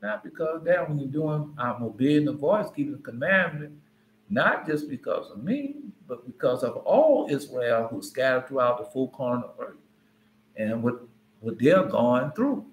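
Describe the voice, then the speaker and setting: A man with a mid-range voice gives an informal, conversational Bible teaching, rambling along with frequent asides. His pitch swings widely at a moderate pace, and the recording has a roomy echo plus slight background noise.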